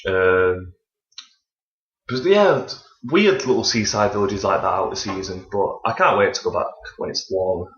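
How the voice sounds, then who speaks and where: A man's voice: low voice, expressive, a little slow, fairly bright tone. Rambling, cursing man in his twenties. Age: 20s. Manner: rambling, swears a lot. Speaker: podcast co-host. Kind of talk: casual chat. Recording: dull, roomy home recording.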